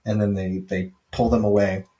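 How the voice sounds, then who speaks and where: A man co-hosting a casual podcast, retelling a film with jokes and quick paraphrased lines from its characters. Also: on the low side, level tone, mellow. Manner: chatty, joking, quick paraphrased quotes. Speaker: podcast co-host recapping a film. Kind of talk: casual chat.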